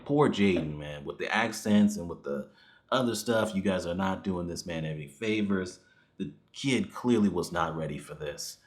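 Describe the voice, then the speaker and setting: A man with a low voice talks through a bad movie in a loose, casual way. He rambles with plenty of "like" and "um," and chuckles at his own points. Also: normal speed. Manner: rambling, with frequent chuckles and fillers. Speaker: movie reviewer. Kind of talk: casual spoken review.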